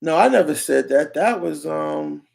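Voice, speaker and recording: A man's voice: fairly high pitch, animated, a little slow, creaky, a little mellow. A young man streaming, giving casual rambling commentary on clips in slang and often restarting his sentences.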